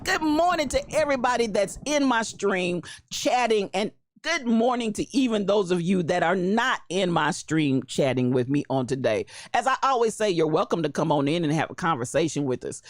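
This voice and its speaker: A woman hosting a casual livestream, greeting viewers by name in a playful, animated way with frequent laughter. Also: mid-range voice, no echo, clean studio sound. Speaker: livestream host.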